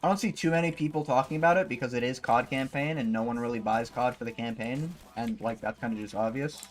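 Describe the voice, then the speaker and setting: Male streamer, loose rambling chat with plenty of swearing, ordinary mid pitch, faint music in the background. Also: fast. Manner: rambling, swears freely, lots of fillers like "you know". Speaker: livestreamer. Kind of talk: casual stream chat while gaming.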